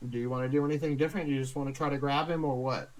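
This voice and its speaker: A man's voice: mid-range voice, fairly even intonation, rapid-fire, poor audio. A man acting as game master, setting scenes in a tabletop role-playing game with dramatic narration.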